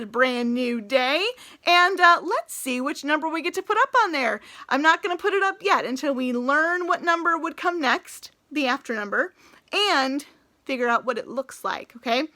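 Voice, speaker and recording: Bright, upbeat preschool teacher woman. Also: high-pitched. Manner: enthusiastic and sing-song, talking to small children. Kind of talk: recorded lesson for young children.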